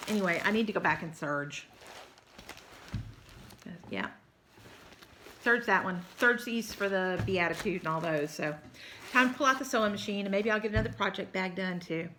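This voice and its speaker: Animated and mid-range in pitch, the Texan-accented woman from South Texas talks at a moderate pace with long pauses while background noise hums along. She's a cross-stitch vlogger, yawning and tired, chatting in a rambling, apologetic way and often saying "y'all."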